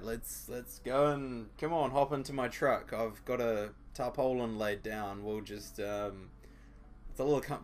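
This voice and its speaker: A man, hoarse from losing his voice, making joking, exasperated asides as a let's play host. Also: lowish voice, slight background noise. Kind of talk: sarcastic game commentary.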